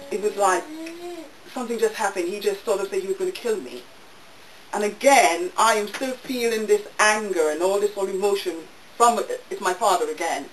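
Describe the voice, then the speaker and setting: Woman speaker, first-person testimony to an audience, intense and repetitive; distant mic in an echoey room. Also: mid-range voice. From United States. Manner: emotional, intense, repeats phrases. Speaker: speaker at a public talk. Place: bookshop event room. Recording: roomy, distant, faint hiss.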